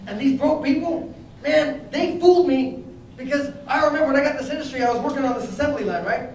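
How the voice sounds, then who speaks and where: A young adult man giving a lively motivational training talk to a live group, telling stories and putting questions to the audience. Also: very high voice, fast, a little hiss or hum. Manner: energetic, storytelling, asks the audience questions. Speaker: network marketing trainer. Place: training room before an audience. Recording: very echoey room, mic at a distance.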